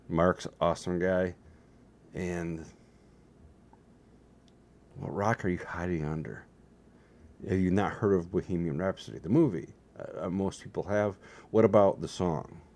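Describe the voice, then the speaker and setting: A man's voice: low-pitched, a little mellow. A tired man chatting in a meandering, self-deprecating way on his own vlog. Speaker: vlogger. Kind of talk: rambling casual vlog.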